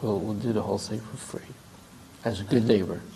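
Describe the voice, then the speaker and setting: Husky, gravelly male speaker for a temple class, casual storyteller who voices the dialogue himself. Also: on the low side, fairly quick, warm tone, rough recording. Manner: conversational, acts out quoted dialogue.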